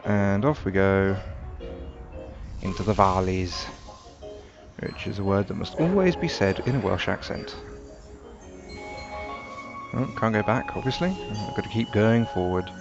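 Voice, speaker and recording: Low-voiced man, wry gameplay chatter. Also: normal speed. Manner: relaxed, wry, rambling. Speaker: gameplay commentator. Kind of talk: casual gameplay commentary. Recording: dull lo-fi sound with game music behind. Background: game music.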